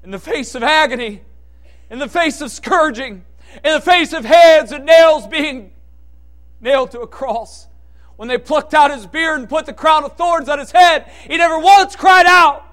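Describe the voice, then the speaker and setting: A man preaching a sermon with impassioned delivery, dropping to hushed tones and then rising to shouted peaks. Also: very high voice, moderate pace.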